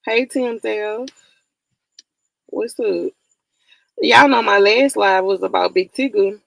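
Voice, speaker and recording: A woman's voice: mid-range voice, takes it slowly, vocal fry, fairly bright tone, low-quality recording. A woman hosting a casual livestream, greeting viewers by name, laughing often and swearing freely. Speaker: livestream host.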